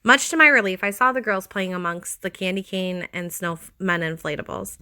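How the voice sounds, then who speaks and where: A woman giving a steady, expressive scripted reading of a horror story. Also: on the low side, moderate pace, few pauses, clear, resonant tone.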